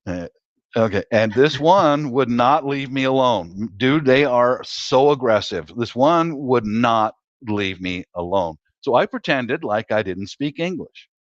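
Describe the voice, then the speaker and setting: A man's voice: medium pitch, lively intonation, a little slow, dry recording. A middle-aged man telling stories in a casual chat and laughing often at his own tales. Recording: dull lo-fi dry sound.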